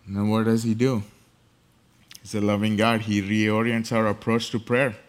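A man's voice: fairly low pitch, level tone, normal speed. A man preaching a sermon, emphatic and building in force, repeating key phrases. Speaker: pastor.

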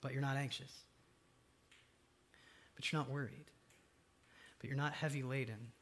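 A man preaching a sermon as pastor, conversational and dynamic, swinging between loud emphatic lines and soft, low ones. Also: fairly even intonation, normal speed. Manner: conversational with fillers and asides.

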